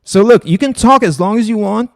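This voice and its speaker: A man's voice: high-pitched, lively intonation, a little fast, vocal fry. Taunting man hosting a live stream. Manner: taunting, mocking, argumentative. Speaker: livestream host. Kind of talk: heated live stream argument.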